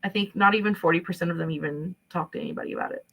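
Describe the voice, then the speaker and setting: A woman speaking as a panel guest in a casual discussion, explaining in a quick, animated way. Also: fairly low pitch, vocal fry, breathy edge, rough recording.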